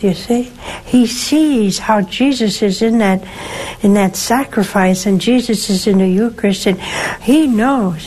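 An older woman, a nun hosting a call-in show, teaching faith in a slow, gentle, emphatic way with rhetorical questions. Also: medium pitch, rough recording. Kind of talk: religious teaching and call-in advice.

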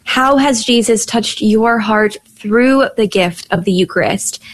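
A young woman hosts a live Catholic radio talk show, with a voice pitched a bit high. She talks in a chatty, upbeat way and laughs easily. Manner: warm, laughing, speaks phone numbers slowly.

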